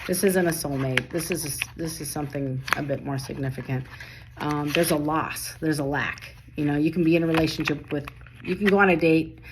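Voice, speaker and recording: Low-voiced rapid-fire woman reading tarot. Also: steady tone, background noise. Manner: rapid-fire, stops and restarts mid-sentence. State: tired, late at night. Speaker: tarot reader.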